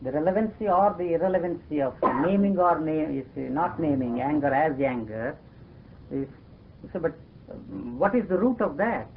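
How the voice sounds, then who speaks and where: Insistent high-voiced man on an old tape. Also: animated, normal speed. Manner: emphatic, insistent, repeats "you see" and "no, no". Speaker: spiritual speaker in discussion. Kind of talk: philosophical conversation. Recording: tinny lo-fi archival recording with faint hiss.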